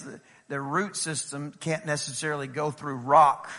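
Bright, high-voiced preacher. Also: male voice, fairly even intonation, moderate pace. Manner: emphatic, swings from loud preaching to low, intimate asides. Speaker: pastor. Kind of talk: sermon. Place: church sanctuary. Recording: long hall reverb in a church.

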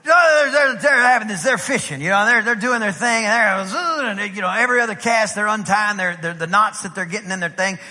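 Speaking a little fast with few pauses, a high-voiced pastor from East Texas delivers a storytelling sermon in his regional accent. He's animated, performing the story's dialogue. The recording comes from a reverberant church sanctuary.

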